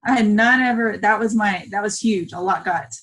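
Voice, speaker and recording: A woman's voice: mid-range voice, normal speed, husky, rough recording. A woman on a video call telling a rambling personal story and acting out what she said back then. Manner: animated, rambling, acts out her own past words. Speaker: workshop participant.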